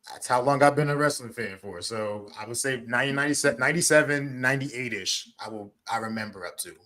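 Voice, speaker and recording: A man co-hosting a casual wrestling podcast, upbeat and relaxed, drawing words out when he stresses them. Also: mid-range voice, fast talker. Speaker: podcast co-host. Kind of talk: casual chat.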